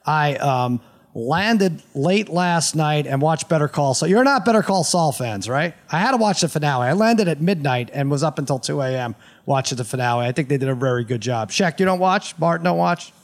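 A man hosting a casual sports podcast, talking loudly and excitably with a rambling flow. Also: a little high, a little fast. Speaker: podcast host.

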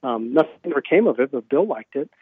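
A man's voice: mid-range voice, animated, quick pace, slightly rough, no echo. Guy author rambling thru a story, lots of um and you know, sounds like a thin phone line. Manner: rambling anecdotes with many fillers, acts out quoted dialogue. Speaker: self-published author, guest. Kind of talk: casual storytelling interview. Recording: dry, tinny phone-like line.

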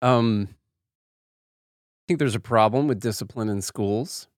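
A man's voice: lowish voice, slow, no room sound, studio quality. A man hosting a podcast, talking in a sarcastic, opinionated and rambling way. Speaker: podcast host. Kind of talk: casual commentary.

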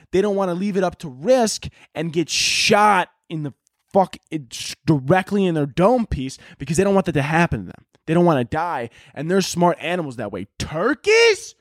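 A man's voice: high voice, animated, moderate pace, no echo, clean studio sound. A man hosting a podcast, ranting in a profane, rambling comedic monologue. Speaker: podcast host.

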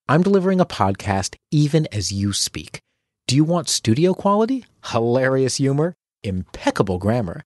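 A man's voice: medium pitch, a little mellow, no room sound, studio quality. A man hosting a tips podcast, reading a script with playful, dramatic asides. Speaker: podcast host.

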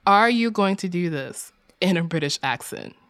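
A young woman co-hosting a casual podcast, giggly and animated, swearing casually. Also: lowish voice, normal speed. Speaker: podcast co-host.

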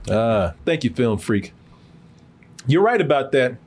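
Husky man in profane banter. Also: medium pitch, very animated, a little slow, a little mellow. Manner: laughing, profane banter, reads listener letters. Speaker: podcast co-host. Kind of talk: casual comedic chat.

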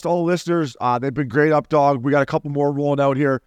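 A man co-hosting a podcast in casual chat, brash and animated, swearing freely as he tells stories. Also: fairly high pitch, quick pace, clean tone, no room sound. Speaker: podcast co-host.

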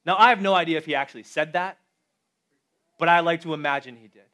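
Talking fast with long pauses, a pastor with a slightly high voice preaches a conversational sermon. He's animated, addresses the audience directly, and asks them questions.

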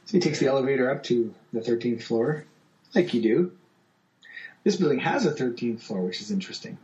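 A man's voice: mid-range voice, animated, darkish tone. Casual man recapping comics, lo-fi sound. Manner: reads comic dialogue aloud in quick voices, laughs often. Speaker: podcast co-host recapping a comic. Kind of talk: casual chat.

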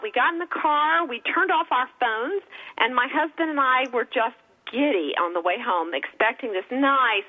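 Woman author on a tinny phone line. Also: on the high side. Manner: earnest, emotional storytelling with faith references. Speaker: author guest. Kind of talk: radio interview on a phone line.

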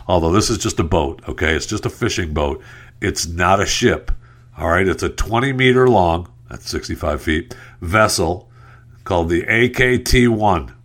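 A man's voice: deep voice, a bit bright. A man hosting comedic news commentary, sarcastic and mocking, chuckling as he goes.

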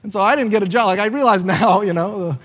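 A man's voice: high-pitched, quick pace, fairly bright tone, big-room sound. A man in his thirties, a pastor, preaching a sermon as a chatty personal story, with fillers and acted-out quotes.

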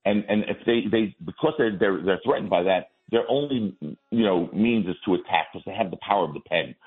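A man's voice: sits low, slightly rough, faint music behind. Man talking over a tinny phone line. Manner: rambling, halting with many restarts. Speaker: attorney guest. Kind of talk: casual phone-in chat.

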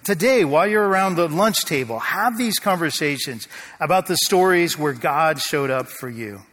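Male pastor preaching, slightly high voice, storytelling delivery, long hall reverb. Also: lively intonation. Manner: storytelling, slows and drops to a hush at tense moments. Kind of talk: sermon.

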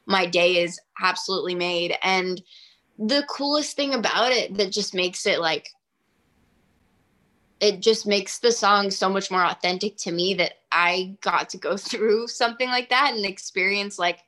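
Bright, chatty young woman. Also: medium pitch, a little slow. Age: 20s. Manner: chatty, heavy use of "like", animated. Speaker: singer-songwriter guest. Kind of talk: casual interview storytelling.

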